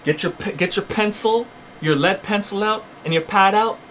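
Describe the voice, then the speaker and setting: A man's voice: high voice, moderate pace, a bit bright, a little hiss or hum. A man hosting his channel, delivering fiery, repetitive spiritual motivational preaching. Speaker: channel host.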